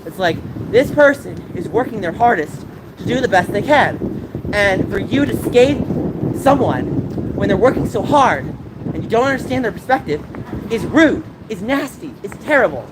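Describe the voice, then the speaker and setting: A man's voice: high-pitched, big pitch swings, normal speed. A man livestreaming while walking city streets, talking passionately and ranting to his chat, with a sore throat and coughs. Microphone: handheld game console mic. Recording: loud wind noise on a handheld device.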